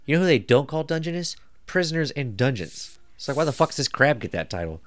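A man's voice: fairly high pitch, big pitch swings, fast. A man in his thirties hosting a podcast, telling a rambling, joking story with lots of swearing. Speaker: podcast host. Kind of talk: casual storytelling.

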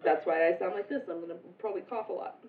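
A woman's voice: fairly low pitch, very fast, crowd noise. A woman who is sick, hosting a casual podcast chat with friends and laughing often. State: sick, congested. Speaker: podcast host and player. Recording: echoey room, distant mic, phone-like sound.

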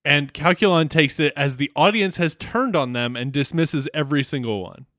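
Chill podcast dude, kinda higher voice, agrees a lot and chuckles, dry mic. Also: male voice, moderate pace, fairly bright tone, no echo. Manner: agreeable, chuckling, tells the plot in a loose way with fillers. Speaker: podcast co-host. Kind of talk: casual chat recapping a cartoon episode.

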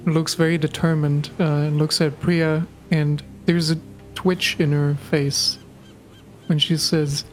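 A woman playing a tabletop game, describing her character's moves haltingly. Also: low voice, little pitch movement, soft background music. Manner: halting, with fillers. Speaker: player.

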